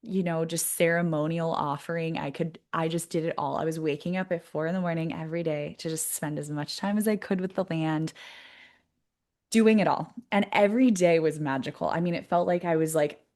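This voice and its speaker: A woman guest on a podcast, telling a personal story in a lively, chatty way and laughing often. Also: low voice, fairly quick. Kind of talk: casual interview storytelling.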